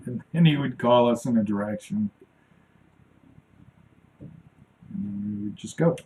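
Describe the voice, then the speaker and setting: A man's voice: mid-range voice, unhurried, pauses often, mellow, low-quality recording. A man in his forties chatting casually on a live stream while he draws, rambling and talking to himself as he works. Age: 40s. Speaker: cartoonist streaming while drawing.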